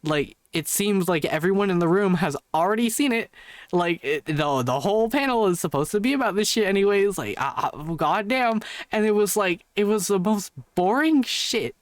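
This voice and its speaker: A man streaming live and talking casually, his voice sitting fairly high for a man. He rambles, restarts his sentences and swears freely. The sound is dry and close, with no room echo. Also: lively intonation, moderate pace.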